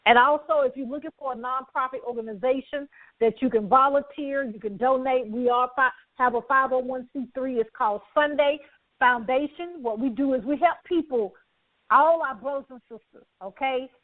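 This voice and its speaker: Woman host, high and effusive, motivational patter; dry, phone-like audio. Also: normal speed, no echo. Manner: effusive, repetitive, laughs often. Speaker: talk show host. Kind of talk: enthusiastic broadcast talk.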